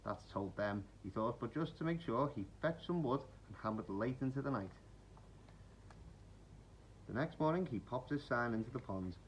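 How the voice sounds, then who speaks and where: An expressive man reads a bedtime picture book at a medium pitch. His voice rises and falls a great deal as he tells the story. A faint low rumble sits behind him. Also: moderate pace, pauses often, rough recording. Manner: animated, expressive.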